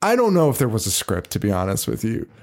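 A man's voice: on the low side, fast talker. A man hosting a podcast, chatting casually about a movie, swearing freely and laughing often. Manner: profane, excitable, laughs often. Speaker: podcast host.

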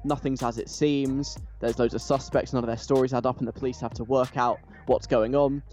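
A man's voice: medium pitch, steady tone, fairly quick, a little mellow. A man hosting a radio show, chatty and enthusiastic. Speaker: radio host. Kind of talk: casual radio chat. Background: faint music.

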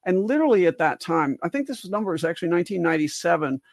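A woman's voice: lowish voice, big pitch swings, very fast, a little mellow, no room sound, studio quality. Older woman, rambling emphatic talk. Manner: rambling, with many restarts and asides. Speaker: co-host physician. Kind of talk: livestream discussion.

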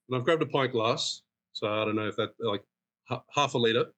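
Storytelling man guest, animated. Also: medium pitch, brisk. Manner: animated, acts out dialogue in stories. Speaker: guest bartender. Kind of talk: casual storytelling.

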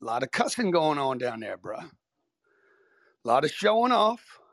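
A man's voice: fairly high pitch, very animated, normal speed, fairly bright tone, dry recording, exaggerated voice. A man voicing a laid-back male God who greets him at heaven's gate, chummy and slangy. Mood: easygoing.

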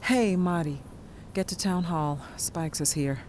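A woman's voice: on the low side, a little slow, darkish tone, slight background noise, natural voice. Lily, a woman playing a tense, protective woman. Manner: anxious, blunt, snapping.

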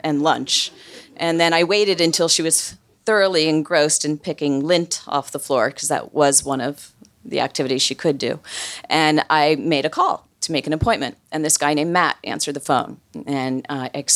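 A woman telling a funny personal story in a chatty way, full of "like" fillers. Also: low-pitched. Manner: chatty, comic, many "like" fillers.

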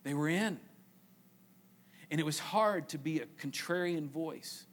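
A man preaching a sermon in church, stressing phrases with slow repetition and letting phrase ends trail off quietly. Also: on the high side.

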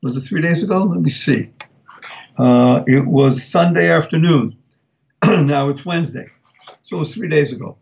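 Older guy doing a radio talk show, kinda high voice, dull lo-fi sound, spells words out slow. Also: creaky, a little mellow. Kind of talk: live talk radio monologue.

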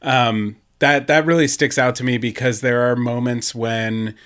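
A man's voice: mid-range voice, fairly even intonation, unhurried, a bit bright. Thoughtful man in podcast chat. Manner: thoughtful, reflective commentary. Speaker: podcast co-host. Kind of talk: casual chat.

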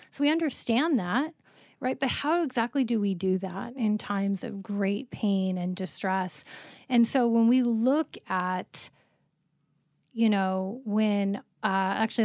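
A woman's voice: medium pitch, a little mellow, no echo, studio quality. A woman co-hosting a faith podcast, talking earnestly and quoting scripture with plenty of fillers. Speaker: podcast co-host. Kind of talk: faith-based podcast conversation.

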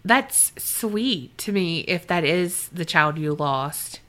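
A woman with a bright, sharp voice chats casually as a podcast co-host. She talks in an animated way and pokes fun at herself. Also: lowish voice, takes it slowly. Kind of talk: casual chat, reading listener emails.

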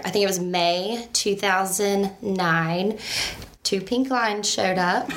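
A woman tells her own story in a relaxed, chatty way. She laughs often and fills her pauses with ums. Her voice sits at a middle pitch with a gravelly fry, over a faint hiss in the background. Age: 30s. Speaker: mother telling her story. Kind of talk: casual personal storytelling.

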